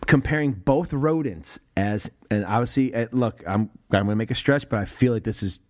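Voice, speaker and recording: A man talking films on a casual podcast at a middle pitch. He rambles in an animated way, restarting sentences, swearing freely and breaking into laughs. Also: moderate pace. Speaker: podcast guest or co-host. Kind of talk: casual film discussion podcast.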